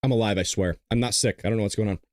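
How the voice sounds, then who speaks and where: A man hosting a live stream, talking to the chat in a blunt, casual, combative way and often clearing his throat. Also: on the low side, steady tone, very fast, darkish tone, no echo, studio quality. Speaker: show host. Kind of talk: livestream commentary to a chat.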